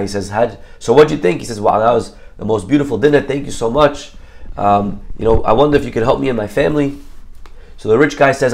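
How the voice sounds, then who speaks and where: Gravelly rabbi telling a parable. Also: male voice, medium pitch. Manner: animated storyteller acting out characters' lines. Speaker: rabbi teaching a Torah class. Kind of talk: storytelling sermon.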